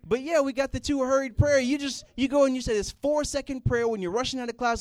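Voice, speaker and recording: A young man giving a casual, comedic sermon, animated and joking as he acts out people praying. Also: very high voice, quick pace, hardly any pauses, no echo. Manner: animated, jokey, acts out prayers in put-on voices. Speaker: youth speaker.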